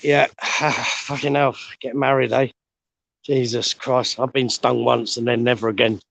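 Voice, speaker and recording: Middle-aged man, winded, gravelly and plain-spoken, swears freely, casual outdoor walking vlog. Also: medium pitch, level tone, measured pace, a bit bright, no room sound, low-quality recording. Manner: blunt, swears a lot, rambling. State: out of breath. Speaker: vlogger. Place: outdoors on a steep hill road.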